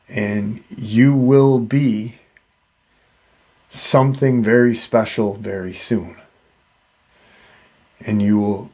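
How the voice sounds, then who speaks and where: A man voicing a calm, kindly male dogman creature that speaks slowly and softly in a solemn way. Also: on the low side.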